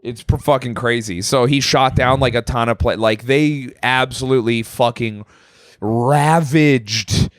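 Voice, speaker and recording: Profane, animated young man chatting. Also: mid-range voice, a little slow, no room sound, clean studio sound. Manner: profane, animated storytelling with acted-out quotes. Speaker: podcast co-host. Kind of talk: casual chat.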